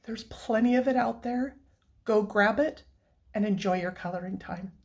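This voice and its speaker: A woman hosts her coloring channel in a casual, heartfelt chat. She gushes and laughs often and sounds teary and emotional. Her voice sits at an ordinary middle pitch. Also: moderate pace, darkish tone.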